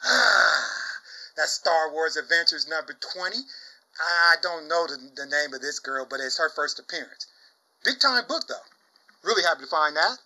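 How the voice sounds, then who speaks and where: A young man chatting casually about his comic book finds, exuberant, saying "y'all" often and bursting into loud shouts and laughs. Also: fairly high pitch, lively intonation, normal speed, rough recording. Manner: exuberant, says "y'all" a lot. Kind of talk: casual chat.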